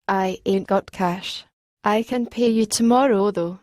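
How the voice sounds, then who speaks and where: A woman's voice: mid-range voice, measured pace, darkish tone, no room sound, natural voice. A woman voicing a laid-back young male gang member in an audiobook, with drawling, slangy street talk. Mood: casual.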